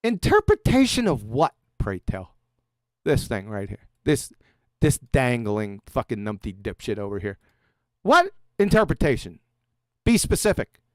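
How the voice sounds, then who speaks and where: A man's voice: huge pitch swings, unhurried, no echo, clean studio sound. Sarcastic swearing man ranting. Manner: sarcastic, insulting, heavy swearing; dramatic swings from loud jabs to low mutters. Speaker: YouTube debunker. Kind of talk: profane mocking rant reacting to a critic.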